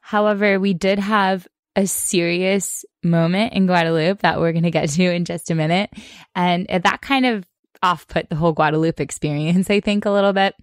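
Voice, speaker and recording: A woman's voice: fairly low pitch, steady tone, normal speed, no room sound, clean studio sound. A woman co-hosting a podcast from a sailboat, chatting frankly and laughing easily, with small restarts. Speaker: podcast co-host. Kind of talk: casual chat. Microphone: podcast mic.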